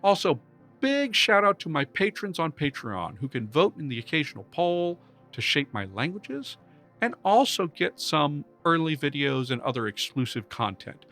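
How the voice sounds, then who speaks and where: A man's voice: fairly high pitch, very animated, moderate pace, pushed and bright, faint music behind. A man hosting a language video, patiently explaining and demonstrating sounds. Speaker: conlang video host. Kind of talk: explanatory pronunciation lesson.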